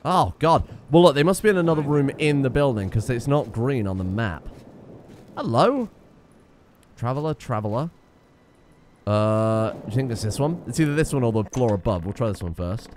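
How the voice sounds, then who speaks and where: Sweary gamer, lively voice. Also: male voice, mid-range voice, moderate pace, slight background noise. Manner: sweary, joking and animated. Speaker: let's play gamer. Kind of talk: casual gameplay commentary.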